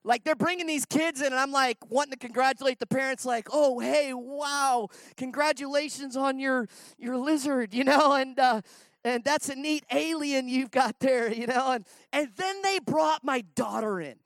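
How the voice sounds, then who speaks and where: A middle-aged man preaching a sermon on a stage, telling stories emphatically and swinging between loud outbursts and hushed lines. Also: very high-pitched, moderate pace, dry recording, rough recording. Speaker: traveling preacher.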